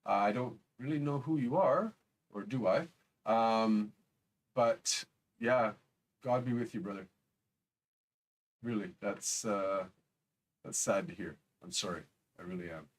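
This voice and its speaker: A man hosting a live stream, talking in a somber, halting way with many pauses. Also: lowish voice. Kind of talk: live stream talk reading chat. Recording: voice a bit distant from the mic.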